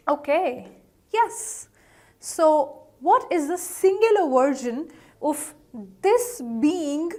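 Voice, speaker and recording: A woman teaching pronunciation in an online lesson, upbeat, quizzing viewers and repeating each word slowly. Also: high voice.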